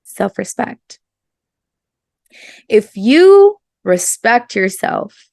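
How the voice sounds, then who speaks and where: Woman, podcast host, earnest, repeats herself, gravelly edge. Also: medium pitch, very animated, very slow, pauses often, darkish tone, dry recording, clean studio sound. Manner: earnest, emphatic, repeats phrases. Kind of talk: casual self-help podcast talk.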